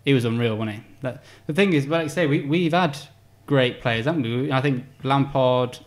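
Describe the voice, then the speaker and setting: A man's voice: medium pitch, moderate pace. A young man from England chatting casually about football, full of fillers and easy laughs.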